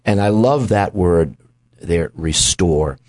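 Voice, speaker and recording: A man's voice: sits low, slow pace, a little mellow, no room sound, studio quality. A man hosting a Christian talk show, teaching emphatically from scripture and often repeating words as he goes. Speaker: host.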